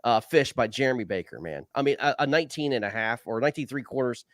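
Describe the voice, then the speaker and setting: A man's voice: medium pitch, expressive, quick pace, a bit bright, no echo, studio quality. A man hosting a fishing league recap show, talking casually and rambling, calling people "man" and "dude". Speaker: show host.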